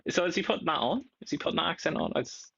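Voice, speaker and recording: A man's voice: on the high side, animated, quick pace, gravelly, bright, forceful tone, slightly rough, dull audio. A man co-hosting a talk show, chatting with wry, ironic asides. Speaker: co-host. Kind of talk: casual political chat.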